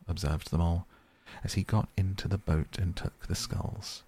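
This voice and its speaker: A man narrating a classic storybook in a calm, measured reading. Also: deep voice, breathy edge.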